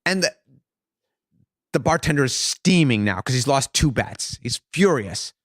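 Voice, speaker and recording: Halting man telling a joke. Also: medium pitch, expressive, fairly bright tone, dry recording, clean studio sound. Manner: halting, many fillers and restarts. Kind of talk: telling a joke in casual conversation.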